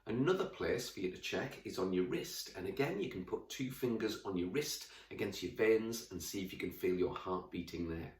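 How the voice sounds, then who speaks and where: A fairly low-voiced man teaches a lesson to young children, speaking to them directly and with lively turns. He sits a little away from the microphone in a roomy space. The sound is echoey and slightly distant. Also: moderate pace, few pauses. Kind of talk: classroom lesson to camera.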